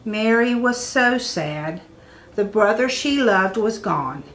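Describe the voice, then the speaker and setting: A woman reading a picture book aloud to children, expressive, with dramatic pauses. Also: mid-range voice. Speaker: children's storyteller.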